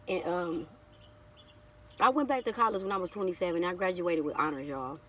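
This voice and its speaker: A woman's voice: lowish voice, brisk, sharp tone, recorded from a distance. A woman in her thirties sharing a heartfelt personal testimony in a casual vlog, talking straight to her viewers and calling them y'all. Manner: heartfelt, chatty, keeps addressing viewers as y'all. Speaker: vlogger.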